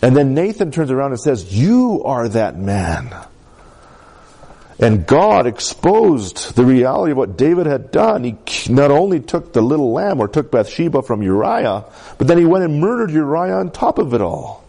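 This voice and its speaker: A man's voice: mid-range voice, sing-song, normal speed, creaky, dark tone, breathy edge. A male preacher giving a conversational sermon who often asks the congregation for responses.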